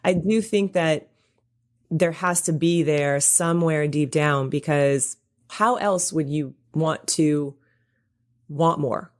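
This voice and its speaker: A woman with a notably low voice talks as a guest coach on a podcast. She is earnest and reassuring and walks through practical examples in a relaxed, conversational way. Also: takes it slowly. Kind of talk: casual interview chat.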